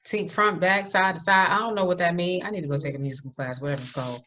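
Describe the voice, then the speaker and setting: A woman co-hosting a podcast in casual chat, animated and jokey, laughing often. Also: fairly low pitch, fast talker. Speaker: podcast co-host.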